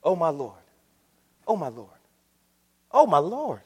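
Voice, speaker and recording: A male pastor delivering a sermon in a church. His voice sits high and moves all over the place, falling to near-whispers before climbing to full shouts. A long reverb trails every phrase. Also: wildly swooping pitch, slow pace, pauses often, slightly rough. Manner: preaching with swings from quiet to shouting.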